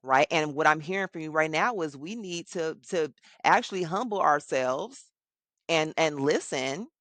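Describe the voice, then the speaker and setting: A woman's voice: low voice, normal speed, dry recording. Affirming woman host, dry close sound. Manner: warm, affirming, animated. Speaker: host, mental health worker. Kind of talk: casual interview conversation.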